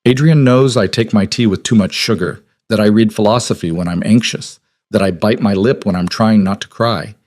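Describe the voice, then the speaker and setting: A man voicing a desperate young noblewoman in an audiobook romance, earnest and steady. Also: lowish voice, normal speed, dry recording, clean studio sound, close to an everyday voice. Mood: resolute.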